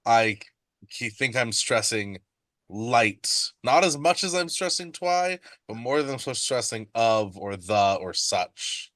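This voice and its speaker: A man's voice: mid-range voice, lively intonation, takes it slowly, a bit bright, dry recording. A man student in a seminar, thinking aloud hesitantly about which syllables are stressed. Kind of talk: seminar discussion.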